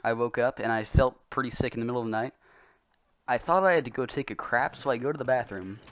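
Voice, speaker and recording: A man's voice: medium pitch, quick pace, a bit bright, no echo. A young man telling a story in a casual, rambling, self-mocking way, often laughing as he goes. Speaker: vlogger.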